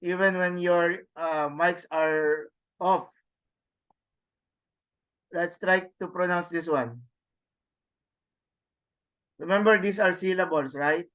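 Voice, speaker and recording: Male language teacher, online class, slow and halting delivery, slightly high voice, many fillers. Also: fairly bright tone, clean tone. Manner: slow, explains step by step. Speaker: Greek teacher. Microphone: video call.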